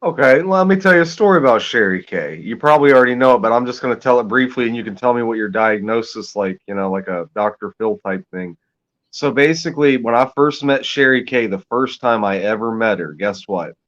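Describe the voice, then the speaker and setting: A man's voice: medium pitch, animated, fairly quick, a bit bright, lo-fi sound. A man chatting on a livestream, telling crude stories in a rambling, casual way. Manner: rambling, crude, drops into quoted voices. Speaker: livestream co-host.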